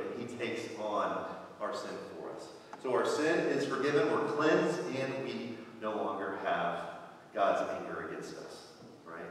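Pastor preaching playfully in echoey church. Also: male voice, medium pitch, a bit bright, a little hiss or hum. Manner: conversational, playful storytelling with light laughs. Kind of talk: sermon. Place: church sanctuary. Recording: distant, echoey church hall.

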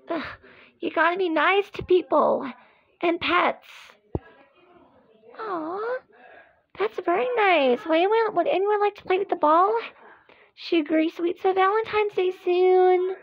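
A woman voicing her toys in a play-acting video, squeaky and bickering as she switches between characters. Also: expressive, unhurried, gravelly, pauses often, no room sound, highs cut off.

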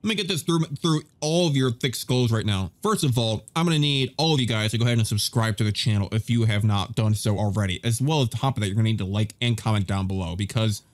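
A man's voice: on the low side, quick pace, few pauses. A man giving casual let's-play commentary with goofy jokes and stammering asides. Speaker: gaming streamer.

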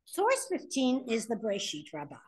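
Animated woman teaching a text class. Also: a little high, normal speed, a little hiss or hum. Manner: animated, reads Hebrew text then translates. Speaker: Torah teacher. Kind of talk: classroom lecture on sources. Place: classroom with students.

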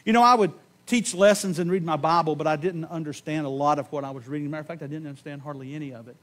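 A man preaching a sermon in a church, giving an impassioned personal testimony that swings from loud emphasis to hushed tones and slows on key words. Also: fairly high pitch. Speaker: pastor. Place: church sanctuary.

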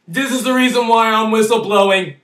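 A man delivering an impassioned, pleading rant with a lot of swearing, often shouting. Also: high-pitched, brisk. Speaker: vlogger. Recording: echoey room, far from the mic.

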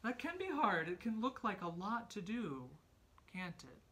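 Woman, 30s, home Sunday school teacher; husky, soft-spoken, patient with children. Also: medium pitch, big pitch swings, measured pace. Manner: gentle, encouraging, talks to children. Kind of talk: home Sunday school lesson and storybook reading. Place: family home.

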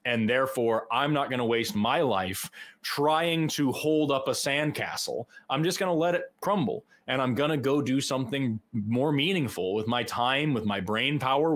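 A man's voice: medium pitch, a bit bright. Chatty male co-host of a call-in show. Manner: loose and chatty, quick laughs and self-mocking asides. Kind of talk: casual call-in show talk.

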